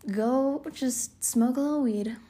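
Unhurried young female vlogger, chilly outdoors, giggly and whispery, slightly high, faint noise behind. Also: mellow. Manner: rambling, giggly, drifts into whispers. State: cold. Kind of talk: rambling casual monologue.

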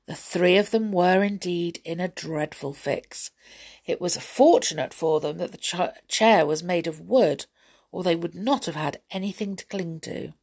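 Slow, husky woman reading a children's story. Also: on the low side. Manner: expressive, deliberate.

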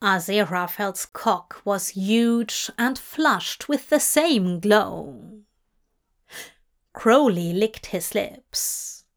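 A woman narrating a fan story in a slow, measured reading voice. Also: medium pitch. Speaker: audiobook reader. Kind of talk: scripted narration.

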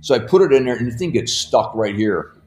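A man's voice: mid-range voice, animated, a little fast. Rambling man telling stories, echoey room. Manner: rambling, laughs through his stories. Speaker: podcast guest. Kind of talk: casual storytelling. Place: home. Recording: roomy echo.

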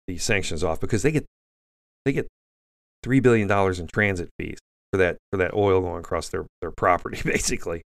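Man, low gravelly voice, blunt indignant commentary host, lots of restarts, dry close sound. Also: no room sound. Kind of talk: opinionated news commentary monologue.

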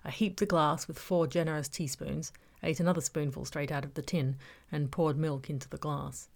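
Brief: female audiobook narrator, low voice with vocal fry, measured first-person telling. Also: steady tone, darkish tone. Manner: measured, reflective storytelling.

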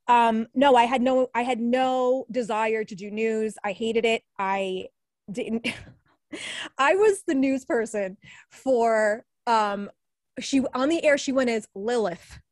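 A woman's voice: on the high side, dry recording. A woman in her forties from the New York area with a New York accent, chatting as an alumni guest in a podcast interview, laughing often and full of fillers. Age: 40s. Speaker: alumni guest, former radio newscaster. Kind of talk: casual interview chat.

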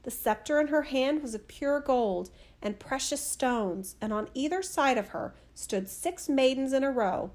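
A woman narrating a fairy tale in a steady, expressive reading. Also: high voice, unhurried, hardly any pauses. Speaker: storyteller.

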